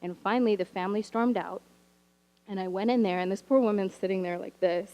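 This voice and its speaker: A woman teacher telling stories from her classroom in a church sermon, animated and wry, with humorous asides. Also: mid-range voice, brisk, poor audio. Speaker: teacher sharing a story from the pulpit. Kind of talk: storytelling sermon. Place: church sanctuary.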